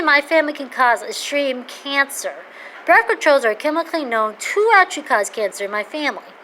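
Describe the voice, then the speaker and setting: A woman in her thirties talking in a casual, rambling monologue, excitable and jumping between topics. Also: a little hiss or hum, poor audio. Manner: excitable, rambling, jumps to loud high-pitched outbursts. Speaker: vlogger.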